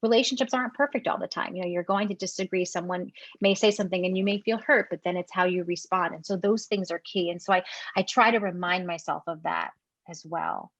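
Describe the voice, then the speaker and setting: A woman parenting coach giving gentle, earnest advice as a guest, often repeating words as she thinks. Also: lowish voice, fairly even intonation, fairly quick, no echo. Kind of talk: reflective advice-giving conversation. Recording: dry, dull lo-fi call audio.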